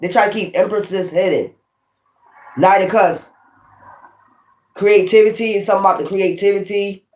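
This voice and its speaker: A woman's voice: medium pitch, moderate pace, long pauses, a little mellow. A woman giving a casual spiritual tarot reading, swearing often and repeating her points for emphasis. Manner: profane, emphatic and repetitive. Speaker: tarot reader. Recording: echoey room.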